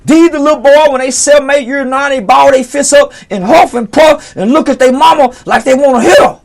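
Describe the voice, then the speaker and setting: A man's voice: very high voice, fairly quick. A man speaking as an interview guest, giving a heated, profane and preachy rant that leans on scripture.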